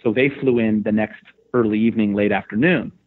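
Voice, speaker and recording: A man, a sports radio host, retelling a story in casual podcast talk, getting animated and loud as he goes. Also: fairly quick. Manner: excited, animated retelling with rising pitch. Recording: tinny phone line.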